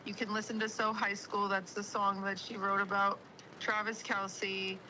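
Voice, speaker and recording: Brief: female guest, very bright voice, giggly slang-heavy chat. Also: medium pitch, level tone, normal speed, a little hiss or hum, low-quality recording. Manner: giggly, slangy insider talk. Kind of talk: casual chat.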